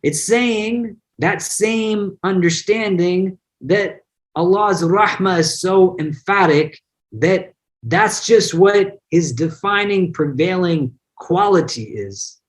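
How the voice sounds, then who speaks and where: A man's voice: high voice, slow. A man, an imam, giving a conversational online religious lesson, explaining word meanings and mixing in personal anecdotes. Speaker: imam teaching an online class.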